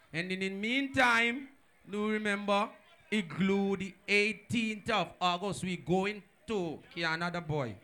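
A man with a Jamaican accent MCing a party, shouting announcements and hype to the crowd over a microphone. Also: sits high. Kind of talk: hyping a live party crowd over a mic.

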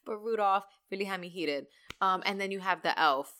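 A woman hosting her own podcast, ranting in a casual, animated way with lots of slang and swearing. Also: mid-range voice, clean tone. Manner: animated, slangy and profane, talks fast. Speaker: podcast host. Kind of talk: casual solo podcast rant.

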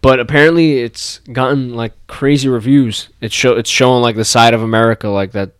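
A man's voice: mid-range voice, steady tone, brisk, clear, resonant tone, no room sound. A man co-hosting a podcast in loose casual chat, rambling through asides. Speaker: podcast co-host.

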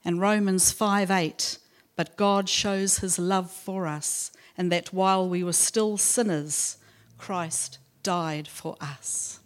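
A woman speaking at church, reading scripture and then telling a personal mission story with gentle humour. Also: fairly low pitch. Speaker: church speaker sharing a testimony. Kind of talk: devotional talk and personal story.

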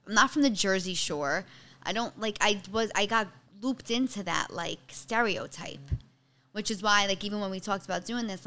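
Bright-voiced Bronx woman, fast talker. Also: mid-range voice. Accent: Bronx New York. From the Bronx, New York. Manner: fast, chatty, full of "like" and restarts. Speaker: guest comedian. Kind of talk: casual podcast chat.

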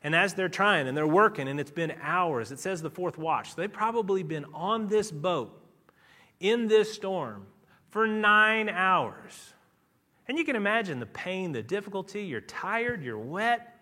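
A male pastor preaching a sermon and leading prayer, swinging between loud urgency and hushed softness. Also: high-pitched, big pitch swings, measured pace. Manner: leads prayer.

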